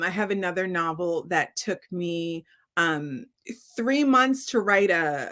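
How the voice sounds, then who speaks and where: A middle-aged woman author telling stories on a video call, lively and acting out the quotes of others. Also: lowish voice. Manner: animated storytelling, acting out quotes. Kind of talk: virtual author talk.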